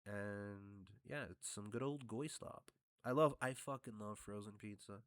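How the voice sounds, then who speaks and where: A man's voice: on the low side, unhurried, clean tone, dry recording. A man from Canada hosting his own vlog, talking in a blunt, provocative, jokey ramble with plenty of swearing. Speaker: vlog host. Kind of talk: casual rambling monologue. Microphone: upgraded studio mic.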